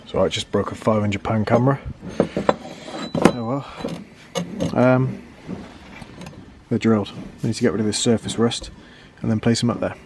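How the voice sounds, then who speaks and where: A British van conversion vlogger talks casually as he fits out a van, working under and inside it in a workshop, swearing freely and making dry, self-mocking asides. His voice is fairly low and steady, at a moderate pace with frequent pauses, and the recording is noisy with clicks.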